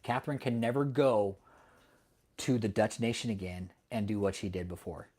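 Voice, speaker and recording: Male streamer, casual profane commentary, heated and quick to laugh, addresses chat directly. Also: on the low side, a little mellow. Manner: talks directly to chat viewers. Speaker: livestream host.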